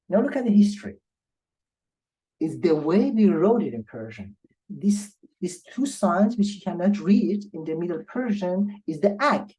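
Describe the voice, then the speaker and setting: A woman language tutor giving an online lecture, explaining patiently and slowly repeating example words for learners. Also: lowish voice, a little mellow, low-quality recording.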